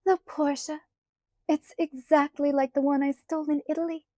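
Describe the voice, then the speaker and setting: A woman's voice: sits high, lively intonation, measured pace, mellow, no room sound, studio quality, voice pushed up. A woman voicing a cheerful, pushy teenage vampire girl with a trilling sing-song manner. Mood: chirpy.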